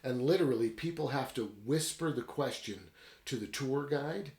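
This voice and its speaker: A man's voice: mid-range voice, normal speed, a little mellow, roomy sound. A man casually retelling and reviewing a story in a rambling, conversational way. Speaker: book reviewer. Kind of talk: casual book review talk.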